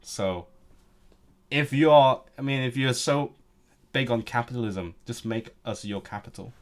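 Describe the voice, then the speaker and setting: A young man, in his late twenties, at a middle pitch. He chats on a live stream and answers viewers in a joking way, tripping over repeated words and restarting his sentences as he goes. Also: measured pace. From Hong Kong. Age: late 20s. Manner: chatty and joking, with frequent stammered restarts. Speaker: language-learning streamer. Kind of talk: casual live-stream chat, reading out viewer comments.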